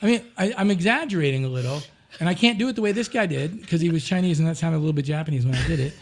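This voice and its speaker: A man, a podcast guest, telling travel stories in a lively way, slipping into sung and acted quotes. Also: on the high side, rapid-fire. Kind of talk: animated storytelling.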